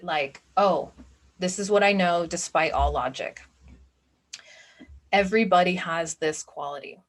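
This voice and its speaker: A woman with a slightly low voice teaches a recorded masterclass as a coach. She talks casually and chattily, with frequent "like" fillers. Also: fairly bright tone. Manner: chatty, informal, many "like" fillers. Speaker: business and spiritual coach.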